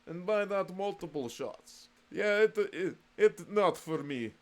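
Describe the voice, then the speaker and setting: A man's voice: high-pitched, expressive, a little slow. A man putting on a broken-English Russian comrade. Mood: boastful. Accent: put-on Russian. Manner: broken English, fake gruff comrade bravado. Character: mock Russian soldier man, doting on his rifle.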